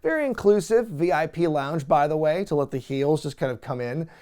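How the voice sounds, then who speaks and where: Man, recap host, wry and chatty, smooth resonant voice, slightly high pitch. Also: lively intonation, fairly quick, darkish tone. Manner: wry, chatty, laughing at the show. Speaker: host of a wrestling recap show. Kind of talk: casual recap commentary.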